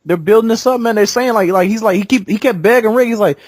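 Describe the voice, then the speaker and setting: A man's voice: high-pitched, expressive, quick pace, hardly any pauses, darkish tone, slightly rough, no room sound, studio quality. A man co-hosting a casual podcast chat, laughing often and acting out quotes in funny voices. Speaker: podcast co-host. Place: podcast studio.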